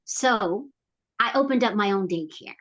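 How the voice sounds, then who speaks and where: Middle-aged woman, interview guest, animated storyteller, acts out quotes, muffled lo-fi sound. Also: unhurried. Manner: animated storyteller who acts out quotes with big pitch jumps. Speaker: guest, program founder.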